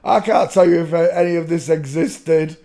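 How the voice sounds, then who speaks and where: A man's voice: a little high, steady tone, moderate pace, dark tone. A man hosting his channel, rambling through casual commentary in a swearing, easily giggling manner. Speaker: channel host.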